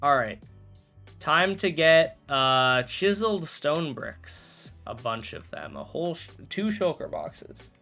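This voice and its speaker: A man's voice: on the high side, very animated, takes it slowly, vocal fry, bright, forceful tone, faint music behind. Chatty young male gamer streamer. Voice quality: rambling, self-correcting, jokey. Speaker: live streamer. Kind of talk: casual live-stream chat while gaming.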